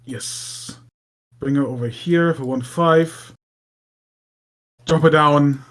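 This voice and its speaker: A woman playing in a tabletop game, speaking slowly. She is lively and laughs a lot as she acts out her character's lines. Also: deep voice. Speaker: player.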